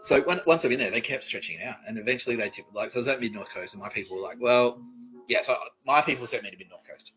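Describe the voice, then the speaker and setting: A man hosting a comedy podcast, rambling and swearing, often laughing, swinging between mumbles and shouts. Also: on the low side. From Australia. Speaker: podcast host. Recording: dull lo-fi podcast audio with faint music.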